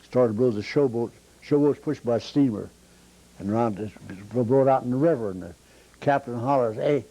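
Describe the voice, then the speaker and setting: A man's voice: medium pitch, fairly quick, dark tone, poor audio. An older man, a retired circus bandleader telling rambling, plain-spoken anecdotes in an interview. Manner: folksy, plain-spoken, acts out voices in his stories.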